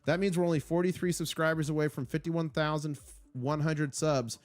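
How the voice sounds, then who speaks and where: A man's voice: fairly high pitch, steady tone, moderate pace, no echo. Upbeat man hosting a live stream. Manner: upbeat, reading out viewer comments; rambling, with fillers and restarts. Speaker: livestream host. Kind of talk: casual live-stream chat.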